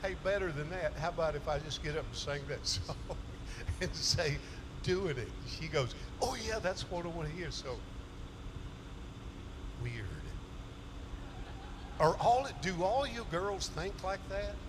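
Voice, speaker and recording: A man's voice: fairly high pitch, lively intonation, measured pace, pauses often, background noise. A man with a drawl singing country songs live in a small hotel venue and telling folksy stories between songs. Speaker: country singer. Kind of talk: live concert singing and stage banter. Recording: live concert with loud band. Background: band music.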